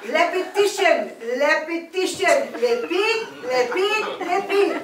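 A woman's voice: extremely high pitch, lively intonation, crowd noise, pitched above the performer's own voice, full character voice. A woman voicing an emphatic Chinese female wrinkle specialist with a put-on Chinese accent, drawing out and repeating her words. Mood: instructive. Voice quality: emphatic, drawn-out, repetitive. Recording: echoey room, distant mic.

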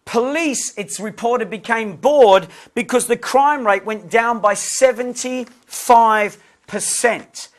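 Brief: man preacher, high pitched, anecdotal lesson delivery with humor. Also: slow. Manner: lively anecdotal, conversational asides. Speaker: preacher and lecturer.

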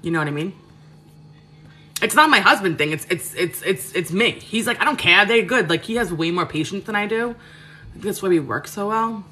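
A woman in her 30s from Queens, New York hosts a cooking livestream from her home kitchen, answering viewers frankly and casually with lots of fillers. Her medium-pitched voice is expressive, pushed, and bright, at a moderate pace.

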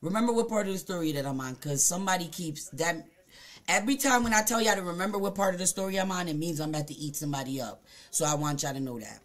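A woman's voice: fairly low pitch, fast talker. A woman live-streaming, telling a story and cursing out a viewer in the comments in a heated, profane, confrontational way. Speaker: Twitch streamer.

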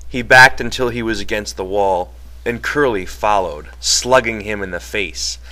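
A man narrating a novel as an audiobook in a measured, dramatic way. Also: lowish voice, bright, forceful tone. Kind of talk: novel reading.

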